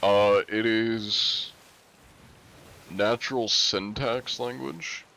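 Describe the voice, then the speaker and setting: Deep-voiced streamer. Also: male voice, very slow, gravelly. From United States. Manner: relaxed, chatty, reading chat aloud. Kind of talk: casual live-stream chat.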